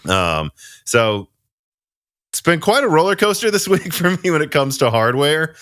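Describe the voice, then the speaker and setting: A man's voice: on the high side, very animated, moderate pace, a bit bright, no room sound, clean studio sound. A man hosting a casual tech podcast, chatty and sarcastic, rambling with restarts. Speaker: podcast host.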